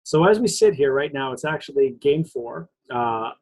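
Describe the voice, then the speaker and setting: A man's voice: mid-range voice, expressive, normal speed, over loud music, poor audio. A man co-hosting a casual sports podcast, joking and rambling, laughing often. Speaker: podcast co-host.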